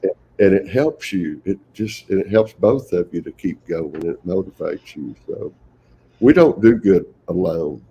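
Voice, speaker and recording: Deep gravelly older Texan man. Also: lively intonation, a little slow, dark tone, highs cut off. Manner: folksy storyteller, chuckles often. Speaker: guest, professional Santa Claus. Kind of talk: casual interview conversation.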